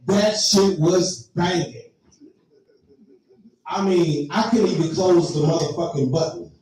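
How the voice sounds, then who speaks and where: A man's voice: high-pitched, slow, darkish tone, slight background noise. Profane storytelling man on a far mic. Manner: profane storytelling, addresses the crowd. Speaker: stand-up comedian. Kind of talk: stand-up comedy set. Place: live comedy venue. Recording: echoey room, heard from far off.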